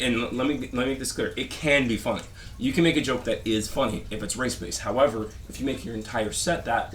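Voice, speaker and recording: A man with a mid-range voice vlogs a rambling, sarcastic, dismissive complaint, halting and restarting his sentences often. There's slight background noise.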